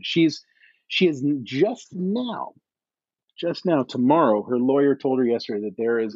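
A man's voice: medium pitch, a little mellow, husky, no room sound. A man in casual chat, rambling with lots of "like" and "right?", on a dull, dry lo-fi mic.

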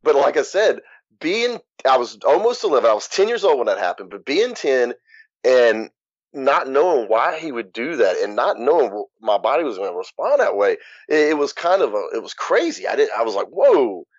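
A frank, outspoken man tells his story in a very lively voice that rises and falls widely. The recording is dull and lo-fi. It sounds dry, with no room in it. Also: mid-range voice, brisk, dry recording. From Louisiana. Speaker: guest, author. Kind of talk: candid interview.

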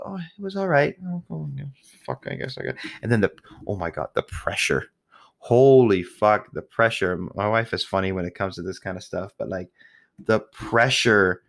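Profane, exasperated podcast man ranting. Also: fairly low pitch. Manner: profane, exasperated, rambling with restarts. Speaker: podcast host. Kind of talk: casual ranting monologue.

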